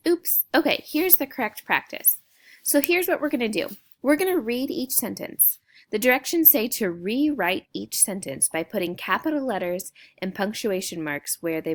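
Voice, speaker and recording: A woman teacher explaining a grammar lesson to young students in a clear, patient way. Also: mid-range voice.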